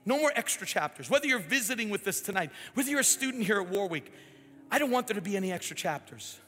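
Animated high-voiced male preacher. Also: fast, big-room sound. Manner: animated, swings from loud to hushed. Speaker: pastor. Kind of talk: sermon. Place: large church hall.

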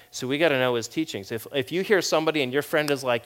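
A man preaching a sermon in a conversational, storytelling way, and his volume swings between loud and quiet. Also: fairly high pitch, quick pace, few pauses. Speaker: pastor.

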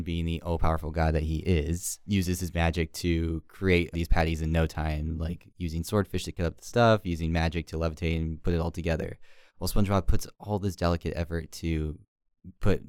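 Deep-voiced man recapping an episode. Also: darkish tone, clear, resonant tone, no echo, studio quality. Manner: rambling, filler-heavy storytelling. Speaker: podcast co-host.

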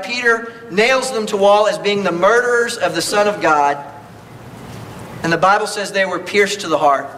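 A male preacher delivering a Sunday sermon, pressing his listeners with one rhetorical question after another. His voice sits high and rings bright and forceful, with a faint hum of the room behind him. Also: moderate pace, rough recording. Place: church service.

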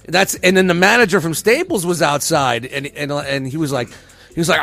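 A middle-aged man with a high, gravelly voice tells a story on a casual podcast. He swears nonstop and jumps into the voices of both people in the argument. Faint music plays underneath. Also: a little fast. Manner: animated, swears constantly, acts out quarrels with raised voice. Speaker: podcast host telling a story.

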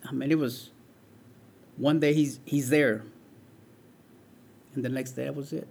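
A man's voice: mid-range voice, fairly even intonation, measured pace, gravelly, a little mellow, a little hiss or hum. A man in his forties, a guest in an interview, telling his life story in an earnest way and often saying "man" and "right". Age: 40s.

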